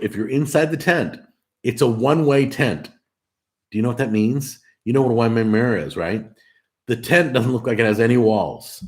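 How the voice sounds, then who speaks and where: A man hosting a casual live stream, reading out viewer comments and answering them in an animated, talkative way. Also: medium pitch. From California. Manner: talkative and animated, with frequent restarts. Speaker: host of a cooking live stream.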